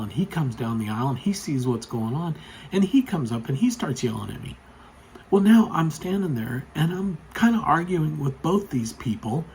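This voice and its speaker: A man's voice: on the high side, a little hiss or hum, rough recording. Chatty man telling a story. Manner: chatty, rambling, with frequent fillers; gets loud and excited when telling the story. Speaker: vlogger. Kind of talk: casual storytelling to camera.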